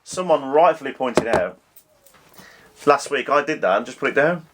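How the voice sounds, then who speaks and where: A man co-hosting a relaxed chat, his voice rising and falling a lot as he teases and jokes. He keeps the talk playful and light. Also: mid-range voice, moderate pace, slight background noise. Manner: teasing, jokey and playful. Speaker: co-host. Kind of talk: casual podcast chat.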